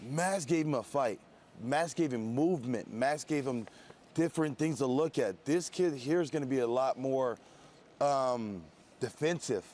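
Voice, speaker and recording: A man with a mid-range voice breaks down an upcoming fight in casual talk. He speaks in a measured way and hammers his points home by repeating them. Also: mid-range voice, darkish tone. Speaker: fight analyst guest.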